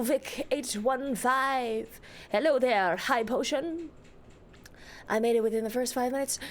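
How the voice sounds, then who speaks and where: A woman's voice: fairly high pitch, takes it slowly, long pauses. A woman live-streaming in a casual, rambling way, greeting her chat by name and slipping into silly voices. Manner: playful, drops into silly voices.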